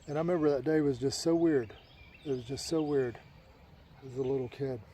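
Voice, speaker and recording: A man's voice: medium pitch, a little fast, warm tone, slight background noise, low-quality recording. A man telling a childhood story in a casual, rambling way, repeating words and restarting often.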